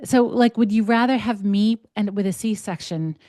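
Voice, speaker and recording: A woman's voice: mid-range voice, normal speed, warm tone, no echo, clean studio sound. A woman hosting a podcast, commenting in an emphatic, incredulous way. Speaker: podcast host. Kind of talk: casual chat.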